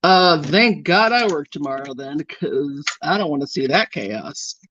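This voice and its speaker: Her voice sits low yet comes across animated, unhurried and a bit bright as she applies makeup on a live stream. Sleepy and yawning frequently, she chats casually and playfully teases the people watching. It's a dull, lo-fi, dry recording.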